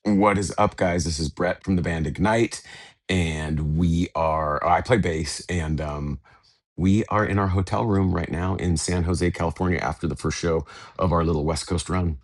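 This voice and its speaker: An American man, a touring band's bassist, chatting casually in an interview from a hotel room, relaxed and rambling with lots of fillers. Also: moderate pace, no room sound. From United States. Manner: relaxed, rambling, many fillers and retold dialogue.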